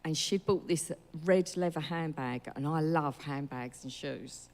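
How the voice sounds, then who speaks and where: Low-voiced woman in a reverberant hall. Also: measured pace, a little mellow. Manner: chatty storytelling, acts out quoted dialogue. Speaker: church member sharing her testimony. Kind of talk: casual spoken testimony.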